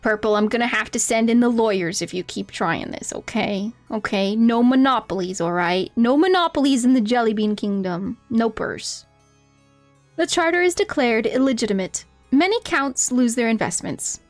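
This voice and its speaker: A woman's voice: a little high, animated, normal speed, dry recording, faint music behind. A young woman streaming a game, reading its text aloud and chatting playfully with a giggly manner. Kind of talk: casual game stream commentary.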